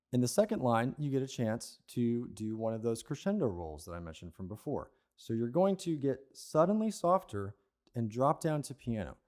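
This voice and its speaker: A man's voice: medium pitch, warm tone. A man teaching an advanced percussion lesson, explaining patiently and checking in with "okay?" and "right?" as he goes. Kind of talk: instructional lesson.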